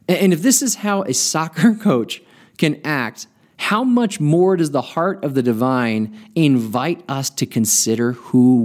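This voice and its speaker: A man hosting a podcast, telling a personal story in an earnest, reflective way and slowing down to stress key points. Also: mid-range voice, darkish tone. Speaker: podcast host.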